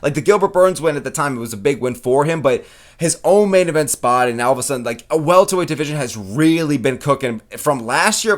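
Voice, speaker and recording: A man giving casual, ranting commentary on fighters as a YouTuber, profane and emphatic, often tacking on a questioning "okay?". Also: mid-range voice.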